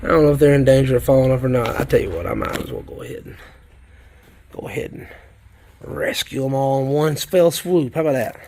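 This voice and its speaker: A man with a medium-pitched, slightly mellow voice and a Southern US accent vlogs casually from his garden shed. Originally from South Carolina, this worm farmer rambles folksily to viewers as he tends his worm bins.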